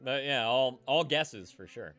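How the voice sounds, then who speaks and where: A man's voice: mid-range voice, expressive, measured pace, fairly bright tone, soft background music. A man hosting a casual live-stream call-in show, rambling and profane, stammering and restarting as he chats with viewers.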